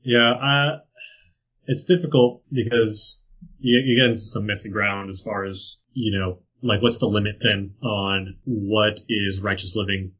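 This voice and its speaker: Male podcast co-host, husky and bright, thoughtful and hedging; lo-fi sound. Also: on the low side, level tone, a little slow. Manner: thoughtful, hedging with fillers and restarts. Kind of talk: casual conversation on early Christian texts.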